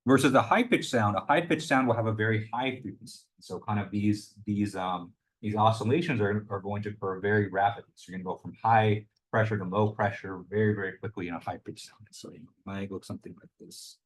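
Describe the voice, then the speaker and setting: A man's voice: lowish voice, steady tone, a little fast, hardly any pauses. A young adult man giving a university lecture as the instructor, explaining loosely with lots of hedges and fillers. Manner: loose and hedging, full of "you know" and "kind of".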